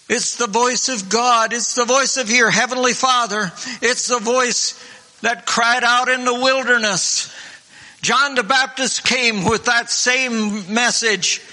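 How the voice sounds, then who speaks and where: A man preaching a sermon in a fervent, repetitive way, clearing his throat now and then. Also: very high-pitched, steady tone, slow pace, pushed and bright. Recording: long hall reverb.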